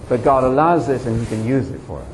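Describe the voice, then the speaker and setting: Older male speaker, lively emphatic testimony, roomy echoing hall with faint noise. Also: medium pitch, fast. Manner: animated, emphatic, addresses listeners directly. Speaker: speaker addressing a congregation. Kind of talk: personal testimony talk.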